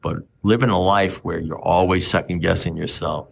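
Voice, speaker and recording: Man, seventies, recovery meeting speaker: gravelly, salty, keeps asking the room questions. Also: deep voice, steady tone, normal speed, a little hiss or hum. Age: 70s. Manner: blunt, profane, repeats rhetorical questions.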